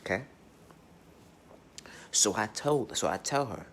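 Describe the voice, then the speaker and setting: A man's voice: fairly low pitch, expressive, slow, pauses often, fairly bright tone, slight background noise. A man giving a blunt, profane, unscripted astrology monologue, speaking emphatically and often restarting his sentences. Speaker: astrology vlogger.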